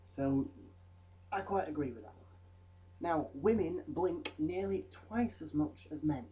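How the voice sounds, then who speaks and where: A young man rattles off odd facts with rambling comic asides and a mellow, dark-toned voice. His pitch sits a bit high for a man. He breaks into silly mock voices now and then. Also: moderate pace, poor audio. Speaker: vlogger. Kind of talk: comedic fact vlog.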